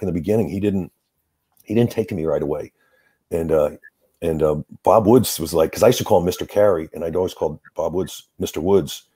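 A middle-aged man tells lively anecdotes as a guest in a casual interview, laughing between lines. His voice sits low with a husky, dark tone. The sound is close and dry. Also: no echo. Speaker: actor guest.

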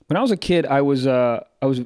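A young man co-hosting a comedy podcast, chatting casually and excitably, swearing freely. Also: mid-range voice, fast, clear, resonant tone. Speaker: podcast host.

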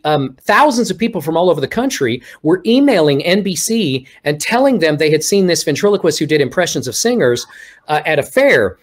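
Animated middle-aged man telling stories. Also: high-pitched. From Texas. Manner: animated, acts out quoted speech. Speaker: guest ventriloquist. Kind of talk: casual interview storytelling.

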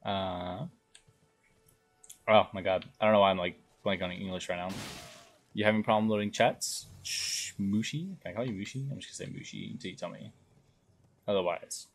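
A young man streaming a game live, chatting along casually and breaking into loud excited exclamations. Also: sits low, normal speed, vocal fry, pauses often, slight background noise. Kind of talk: live gameplay commentary.

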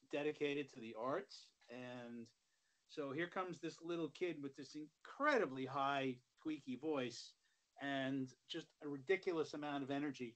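A middle-aged man, a guest musician, telling stories in a relaxed, rambling way with many asides. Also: mid-range voice, rough recording. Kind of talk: casual interview storytelling.

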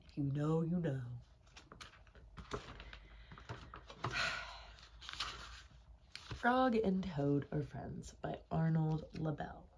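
A young woman reading a children's book aloud at home, speaking slowly and gently in a slightly low voice. Her soft, unhurried talk carries a faint hum of room noise behind it. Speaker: home reader. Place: home corner indoors.

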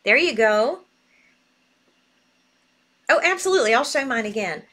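Excitable woman hosting a live sale. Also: on the high side, unhurried. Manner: excitable, reads buyer names aloud while typing. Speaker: live jewelry sale host. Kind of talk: live-stream selling.

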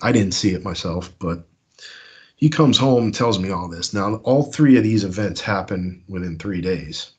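A man's voice: low-pitched, lively intonation, moderate pace, darkish tone, husky, dull audio. A man from the US East Coast, calling in to tell his encounter stories in a casual, rambling way, full of fillers and restarts. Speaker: caller sharing encounters. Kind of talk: casual storytelling on a call-in show.

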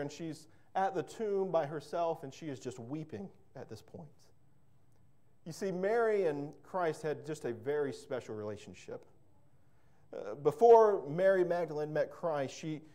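A man's voice: a little high, mellow. A man preaching a sermon as pastor, fervent and emphatic, repeating words and breaking into storytelling asides.

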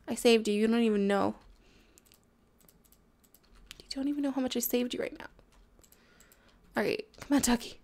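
High-voiced playful woman gaming. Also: normal speed, gravelly, long pauses. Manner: playful, talks to in-game animals, excitable outbursts. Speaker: gameplay commentator. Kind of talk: casual let's-play commentary.

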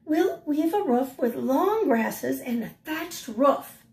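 A woman's voice: high voice, very animated, takes it slowly, darkish tone, voice pushed up, full character voice. An older woman voicing a cheerful flock of helpful birds in a storybook, in a chirpy sing-song way. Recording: roomy echo.

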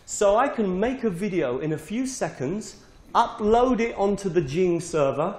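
A man's voice: high voice, lively intonation, measured pace. A middle-aged British man, a teacher trainer, giving an informal step-by-step live demonstration of a teaching tool. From Britain.

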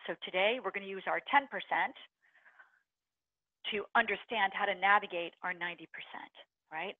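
Middle-aged woman leading a webinar; lively and expressive, heard over a thin phone-line feed. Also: mid-range voice, moderate pace, no echo. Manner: energetic, acts out inner voices with sighs and gasps. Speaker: webinar presenter. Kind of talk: webinar presentation. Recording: tinny phone-line audio, dry.

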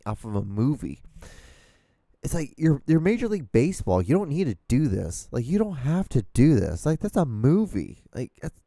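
Warm-voiced man ranting profanely. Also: medium pitch, dry recording, clean studio sound. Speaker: podcast host. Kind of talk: casual solo rambling rant. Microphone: studio microphone, talking to camera.

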